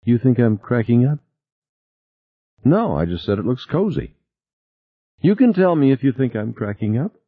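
A man's voice: mid-range voice, big pitch swings, normal speed, long pauses, slightly rough, no room sound, voice pushed up. A male reader voicing an anxious woman scientist with a wry, nervous way of talking. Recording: tinny phone-like sound.

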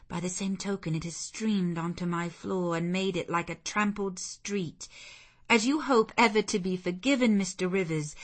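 A woman's voice: mid-range voice, pushed and bright. A woman voicing a determined, passionate young woman who speaks in an insistent, fervent way.

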